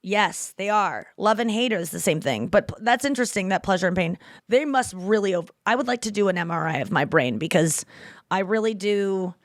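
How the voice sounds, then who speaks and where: Animated woman podcast host, dry sound. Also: medium pitch, fairly quick, no echo. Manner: animated storytelling, acts out voices. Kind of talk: casual podcast chat.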